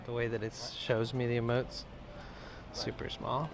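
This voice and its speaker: A man's voice: medium pitch, level tone, normal speed, creaky, faint music behind. A man livestreaming outdoors from his phone, chatting casually with viewers, telling a story and swearing. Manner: rambling storytelling, swears, reads chat aloud. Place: outdoors in a van trip setting.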